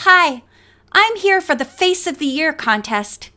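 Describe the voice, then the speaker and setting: A woman reading an audiobook, voicing an excitable teenage girl who gushes breathlessly. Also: high voice, unhurried, voice pushed up. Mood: excited. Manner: breathless, gushing. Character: excitable teen girl, boy-crazy fashion fan.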